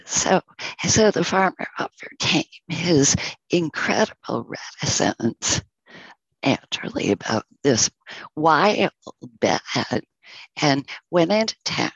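A teacher telling a parable in a slow, soft, often whispered teaching talk. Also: mid-range voice, creaky, husky, dry recording, lo-fi sound.

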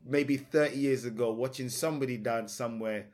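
A man with a Portuguese accent hosts a relaxed podcast conversation. He tells stories with energy and slips into quick impressions of other people's reactions. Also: medium pitch. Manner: animated storyteller, acts out quotes. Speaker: podcast host. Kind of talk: casual podcast chat.

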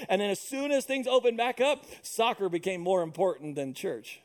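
A man in his thirties preaches with an animated, storytelling delivery, often slipping into the voices of the people in his anecdotes. His voice sits high for a man. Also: a little fast, few pauses. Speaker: pastor. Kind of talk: sermon.

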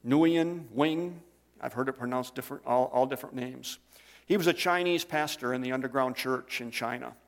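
A man preaches to his congregation, telling stories in a plain, conversational way. His voice sits at an ordinary middle pitch. It rings out with the long reverb of a church hall. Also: fairly quick, vocal fry, a bit bright. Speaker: pastor. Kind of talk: sermon.

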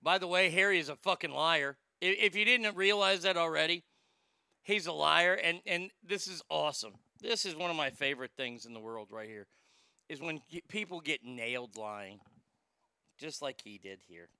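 A man with a high, gravelly voice riffs in a casual commentary, sarcastic and mocking and quick to swear. His tone is bright and crisp, recorded close in a dry room. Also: dry recording.

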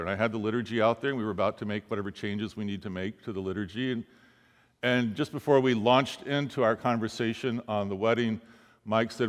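A man preaching a sermon as a pastor, telling a story and acting out the voices of the people in it. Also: fairly low pitch. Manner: storytelling, acts out quoted speech. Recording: long hall reverb.

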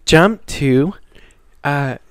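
Excitable man with a smooth voice. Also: on the high side, extremely slow, no room sound, studio quality. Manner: excitable, swears freely, laughs often. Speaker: podcast co-host. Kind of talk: casual chat.

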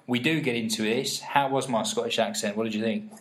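A man's voice: medium pitch, steady tone, fairly quick, fairly bright tone. Enthusiastic male podcast host. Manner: enthusiastic, chatty. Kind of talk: upbeat podcast hosting.

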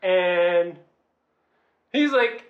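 A young man telling a story in casual chat, animated, laughing and acting out quotes. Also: high voice, drawn-out words, reverberant, highs cut off.

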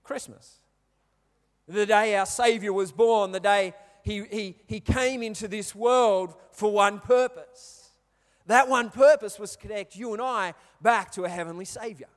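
A man's voice: sits high, unhurried. A man in his thirties with an Australian accent, giving a chatty sermon full of stories and questions to the congregation. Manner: chatty, storytelling, asks the crowd questions. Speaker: pastor. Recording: reverberant hall.

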